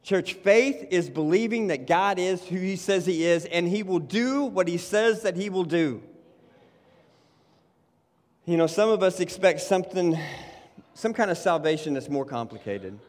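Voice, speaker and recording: A man's voice: sits high, lively intonation, a little slow. A man preaching a sermon in a loose, conversational way, often adding "you know" and "right". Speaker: pastor. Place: church sanctuary. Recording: reverberant church hall.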